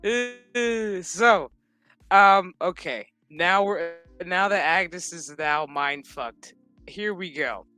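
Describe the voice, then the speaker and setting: A man giving a crude, comedic recap of a TV episode, swearing often and slipping into quick mocking impressions of the characters. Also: high-pitched, bright, forceful tone, clean tone, faint music behind. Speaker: show recap commentator.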